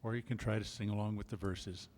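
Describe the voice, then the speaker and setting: A man leading a church congregation, softly inviting everyone to sing along. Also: fairly low pitch, steady tone, quick pace, big-room sound, slight background noise. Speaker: song leader. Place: church sanctuary.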